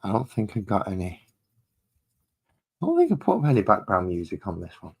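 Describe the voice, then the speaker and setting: A man with a low, slightly husky voice rambles casually as he works through his painting. He thinks aloud and pokes fun at himself, in an unhurried, chatty way at a home hobby desk. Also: wildly swooping pitch, low-quality recording. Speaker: miniature painting hobbyist host.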